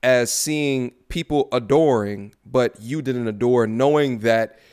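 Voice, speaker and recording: A man hosting a relationship talk show, commenting casually and getting animated, his pitch climbing when he makes a point. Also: slow, clean tone.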